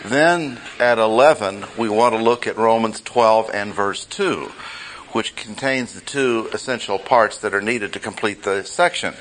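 Deliberate man teaching a Bible class. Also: lowish voice, fairly bright tone, slight background noise, poor audio. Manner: deliberate, repeats key phrases for emphasis.

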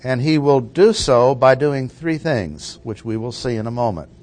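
A man preaching a measured expository Bible teaching, stressing and repeating key phrases. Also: mid-range voice, lively intonation, a little mellow.

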